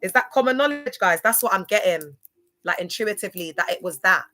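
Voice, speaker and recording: A woman's voice: mid-range voice, lively intonation, brisk, sharp tone. A young woman chatting casually to viewers on a livestream, laughing often. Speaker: livestream host.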